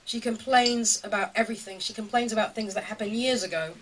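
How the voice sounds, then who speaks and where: A woman's voice: on the high side, fairly quick. A woman in her thirties performing stand-up comedy on a small club stage, chatty and self-mocking, with lots of ums. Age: 30s. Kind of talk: live stand-up comedy set. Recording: noisy live club with loud crowd.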